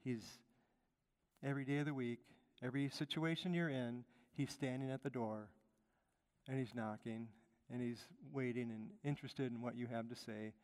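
A man's voice: medium pitch, fairly even intonation, moderate pace, darkish tone. A man from Chicago preaching a conversational sermon as pastor, emphatic and repeating his phrases. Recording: long reverb of a hall.

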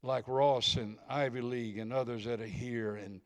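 This is a visiting preacher, an older man whose mid-range voice stays steady at a moderate pace. He preaches in church in a folksy, earnest way, ministering to people and repeating phrases for emphasis.

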